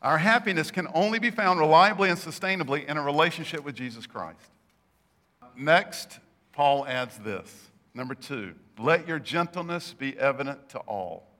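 A man's voice: a little high, lively intonation, normal speed, bright, forceful tone. A man preaching a sermon, telling stories and stressing points with emphatic rises. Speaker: pastor.

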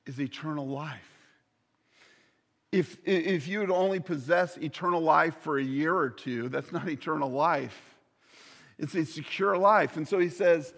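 A man's voice: a little high, fairly bright tone, big-room sound. A man preaching a sermon earnestly, sometimes dropping to a near whisper on key words. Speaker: pastor.

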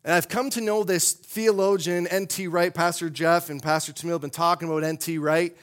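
A man with a somewhat high voice delivers a sermon in a church sanctuary. He keeps it conversational, wandering into asides and restarting his sentences as he goes. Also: fairly even intonation, brisk, a bit bright. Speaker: pastor.

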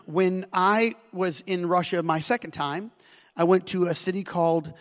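An American pastor preaching in a church, with a notably high voice for a man. He tells stories at an easy pace and then pushes into loud, emphatic preaching. His voice rings out with a long reverb in a large hall. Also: steady tone, measured pace. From United States. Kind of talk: sermon with personal stories.

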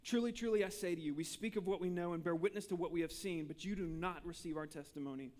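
A man's voice: sits high, fast, a little mellow. A man preaching a sermon as pastor, earnest and building to emphatic peaks, often repeating words as he presses a point.

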